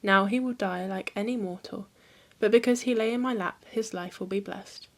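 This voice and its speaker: A woman's voice: medium pitch, moderate pace, lightly acted. A woman reading aloud as a grieving, furious mother goddess, stern and commanding.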